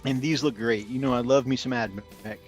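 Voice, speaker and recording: A man co-hosting a hobby livestream in a casual chat, talkative and quick to laugh. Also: medium pitch, steady tone, faint music behind. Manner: chatty, laughs often, quick asides.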